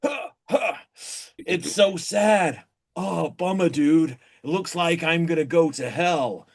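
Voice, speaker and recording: A mellow surfer-dude angel drawls through easygoing, breezy lines, sounding a touch higher than the average man. A man puts him on as a quick improv bit. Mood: laid-back.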